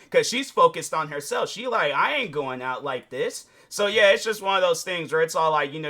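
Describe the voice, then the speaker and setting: This YouTuber reacts and shares casual opinions in a bright, forceful voice pitched a bit above the usual male range. Informal and full of slang, he addresses his viewers directly and sometimes slips into excited, high-voiced impressions of others.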